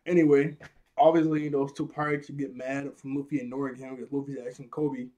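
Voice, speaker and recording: A young man with a fairly high, warm and mellow voice chats through an anime episode recap. He laughs often and slips into character voices to act out scenes. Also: steady tone, a little fast. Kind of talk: casual recap commentary.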